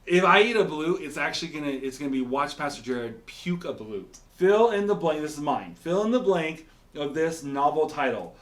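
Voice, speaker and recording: A man's voice: fairly high pitch, big pitch swings, brisk, fairly bright tone. A man hosting a casual quiz game, teasing and rambling in playful banter. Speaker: pastor and show host. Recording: echoey room.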